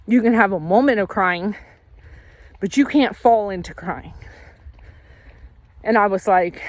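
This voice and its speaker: A woman's voice: mid-range voice, measured pace, pauses often, no room sound. A woman giving a casual, earnest faith and fitness pep talk while out on a walk. She repeats herself and corrects herself as she goes. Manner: earnest, repetitive, self-correcting; walking while talking. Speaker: faith vlogger.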